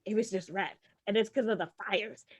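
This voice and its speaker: A woman's voice: medium pitch, a little fast. A woman doing a stand-up comedy set, talking in a sarcastic, conversational way and dotting her lines with "like" and "right?". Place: comedy show stage. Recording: dull, muffled sound.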